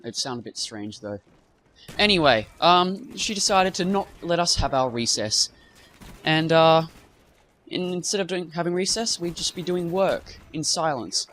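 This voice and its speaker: A young man with a fairly high voice tells a long, meandering story over his gameplay. He trails off into fillers and side remarks as he goes. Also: measured pace, fairly bright tone. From half British. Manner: rambling, many fillers and asides. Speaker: gaming commentator.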